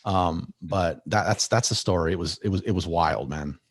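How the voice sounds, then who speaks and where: A man guest on a podcast, telling a long story in a rambling, animated way with many restarts. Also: low-pitched, normal speed, slightly rough, no echo, studio quality. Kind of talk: casual storytelling.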